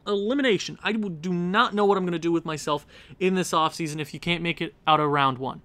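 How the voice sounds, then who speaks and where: A man's voice: a little high, fast talker, sharp tone, no room sound. A young man hosting a hockey game let's-play, thinking aloud over lineup choices and talking at the players on screen with exasperated outbursts. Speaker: gaming channel host.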